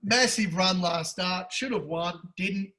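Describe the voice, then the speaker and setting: An Australian man with a high-pitched voice talks racing tips in a rowdy, profane way. He gets fired up and loud, then drops to a low mutter for jokes. It is casual podcast banter between mates. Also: slow pace, rough recording. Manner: loud, crude and excitable, swears a lot. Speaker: podcast co-host. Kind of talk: casual betting tips chat.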